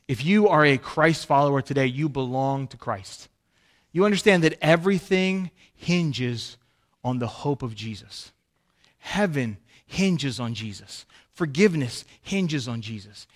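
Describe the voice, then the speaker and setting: Emphatic preacher man, bright voice. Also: on the high side. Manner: animated, emphatic preaching, swinging from loud to quiet. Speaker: pastor. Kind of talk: sermon.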